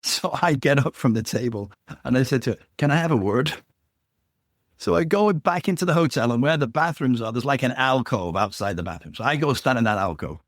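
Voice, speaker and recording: This podcast guest, an author, speaks fairly quickly at medium pitch as he spins a long personal anecdote. He's animated, impersonates those he quotes, and keeps asking "right?". The recording is dry and studio quality.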